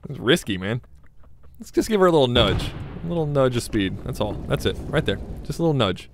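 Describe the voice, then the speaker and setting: A man's voice: mid-range voice, very animated, brisk, a little hiss or hum. A young man giving casual let's play commentary, chatting to himself and coaxing his vehicle along, yelping when things go wrong. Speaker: gameplay commentator.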